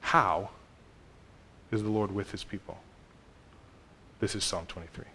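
A man in his thirties delivers a sermon as a pastor. He talks to the congregation in a conversational way. His voice swings from emphatic, raised lines to quiet, low asides. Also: a little slow, slight background noise. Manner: conversational, animated with sudden loud and soft turns.

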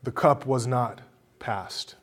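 With a husky, medium-pitched voice and a slow pace, a man preaches a sermon, dramatizing a story as he moves between hushed tones and forceful emphasis.

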